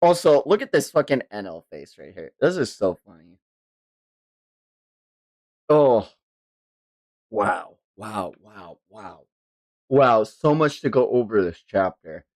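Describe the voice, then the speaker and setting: Excitable woman streamer with a lively voice. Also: very deep voice, a little slow, long pauses. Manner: excitable, swearing, lots of gasps and exclamations. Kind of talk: live reaction to a manga chapter.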